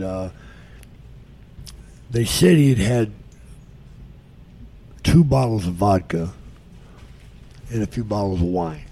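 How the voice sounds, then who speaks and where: A man's voice: on the low side, warm tone, slightly rough. An older man, a podcast guest, telling profane stories in a drawl and acting out the voices of the people in them. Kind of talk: casual storytelling.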